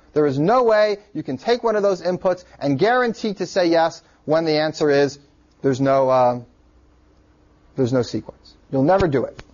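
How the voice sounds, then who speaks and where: A high-pitched male lecturer teaches a computer science class in a lecture room, relaxed and joking, with plenty of filler words. The classroom recording sounds dull and lo-fi.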